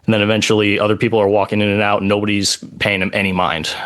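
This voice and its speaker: A man telling a personal story on a podcast, in a halting way with many pauses and "like" asides. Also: on the low side, flat delivery, fairly bright tone.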